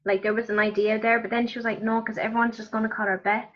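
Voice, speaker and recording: A woman's voice: fairly high pitch, level tone, fast talker. An Irish woman guest on a podcast, chatting casually and laughing, rambling with lots of fillers. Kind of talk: casual chat. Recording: muffled lo-fi mic.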